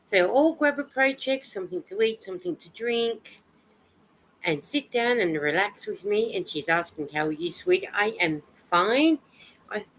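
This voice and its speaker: A woman with a slightly low voice hosts a casual live chat from home while she knits. She greets each viewer by name, reads their comments aloud and answers in a chatty, sympathetic way. Faint room ambience sits behind her voice. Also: a little hiss or hum, low-quality recording. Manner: chatty, with soft sympathetic asides. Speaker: livestream host.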